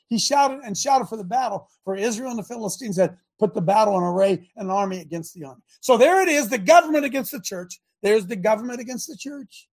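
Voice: mid-range voice, husky. A preacher delivering a dramatic sermon, retelling scripture loosely and calling the congregation to answer amen.

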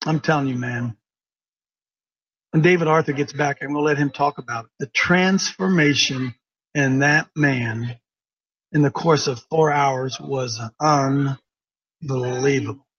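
A man's voice: medium pitch, measured pace, a bit bright, slightly rough, no room sound. A man hosting a talk show, telling a story in an earnest, preachy way and repeating himself for emphasis. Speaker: radio talk show host. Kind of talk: casual storytelling. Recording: dull lo-fi sound.

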